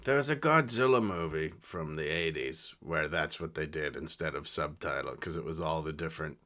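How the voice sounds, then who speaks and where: A man's voice: extremely low pitch, normal speed, fairly bright tone. A man co-hosting a comedy podcast who chats casually and rambles through anecdotes with frequent fillers. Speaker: podcast co-host.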